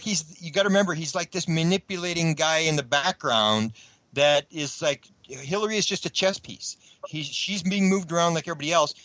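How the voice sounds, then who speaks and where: A man's voice: on the high side, fairly bright tone, dry recording, poor audio. A man being interviewed on a radio show, talking at length in a rambling way with many restarts. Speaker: guest researcher.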